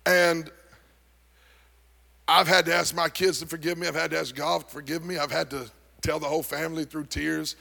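A male pastor delivering a sermon to a congregation, moving from folksy storytelling to fervent shouted preaching. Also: fairly high pitch, normal speed, creaky, pauses often. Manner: animated preaching that builds to shouting. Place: church service before a congregation.

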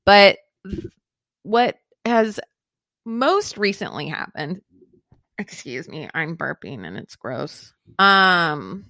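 Slow, bright-voiced woman telling a story. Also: deep voice, big pitch swings, dry recording. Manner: profane, rambling, filler-heavy. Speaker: podcast host. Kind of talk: casual storytelling chat.

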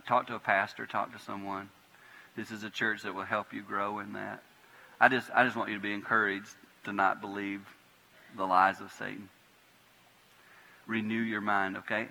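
A pastor delivers a lively sermon in a church sanctuary, his voice bright and piercing. He swings between quiet, prayerful passages and sudden emphatic bursts. A long reverb trails every phrase. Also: fairly low pitch. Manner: animated preaching, swinging from hushed prayer to loud emphatic bursts.

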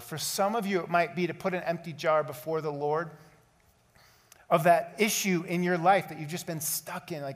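A man's voice: a little high, steady tone, normal speed. A middle-aged male pastor preaching a sermon, telling a personal story and building to impassioned appeals. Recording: long hall reverb.

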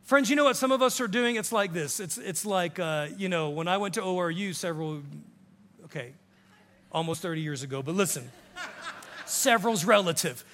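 A pastor around fifty preaching a sermon in a church sanctuary, impassioned, swinging from hushed to shouting and acting out the voices of others. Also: male voice, high-pitched, normal speed, in a large hall. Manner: acts out quoted voices of others.

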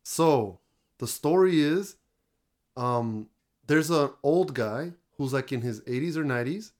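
A man's voice: mid-range voice, expressive, a little slow, darkish tone. Chatty man reviewing a movie. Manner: chatty, retells plots with fillers. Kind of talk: casual chat.

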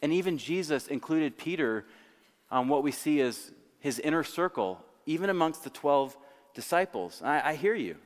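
A man's voice: on the high side, expressive. Male pastor preaching in a reverberant hall. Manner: dramatic pacing, slowing to stress words. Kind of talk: sermon.

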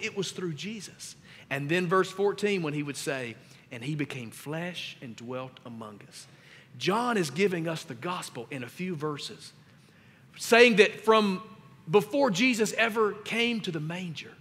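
High, bright-voiced preaching pastor. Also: male voice, sing-song, measured pace, breathy edge, big-room sound. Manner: emphatic preaching, swells louder on scripture. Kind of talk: sermon. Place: church sanctuary.

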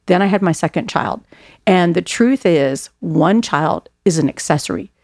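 A middle-aged woman with a somewhat low voice, talking as a guest and telling stories with lively humor at her own expense. The sound is dry and close. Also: normal speed, dry recording. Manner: animated storyteller, laughs at herself. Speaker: guest author and speaker. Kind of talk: casual conversation, storytelling.

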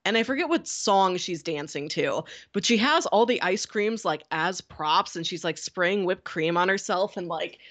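A woman co-hosting a casual podcast chat, telling stories with animated enthusiasm. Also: lowish voice, moderate pace, hardly any pauses. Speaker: podcast co-host.

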